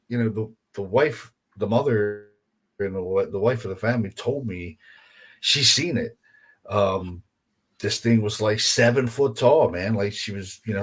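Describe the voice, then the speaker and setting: A man with a somewhat low voice speaks as a podcast guest. He talks casually and rambles through his story, swearing freely and leaning on "you know" and "man" as he goes. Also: breathy edge. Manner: rambling, profanity-laced, heavy on fillers like "you know" and "man". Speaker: guest paranormal investigator.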